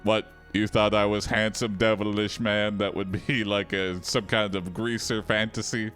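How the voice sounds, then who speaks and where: Low flat robot-talking biker guy, sarcastic, as a streamer puts him on, soft music behind. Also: normal speed, close to an everyday voice. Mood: deadpan mocking. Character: greaser biker turned flat robotic man.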